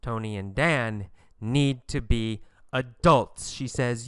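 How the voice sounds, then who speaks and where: The speaker is a man giving an English lesson built around questions and answers on a story, slow and emphatic with lively intonation. His medium-pitched voice is smooth, recorded at studio quality with no echo.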